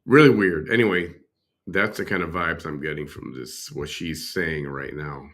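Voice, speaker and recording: A man's voice: rumbling low, moderate pace, a bit bright. A man hosting a reaction stream, rambling and thinking aloud as he speaks to his chat. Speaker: host. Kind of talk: casual reaction commentary.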